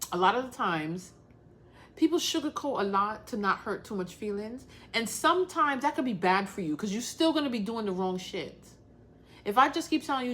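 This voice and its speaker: A woman's voice: mid-range voice, a bit bright, slight background noise. A woman hosting a casual crafting livestream, talking bluntly and straight to the point while calling out viewers by name.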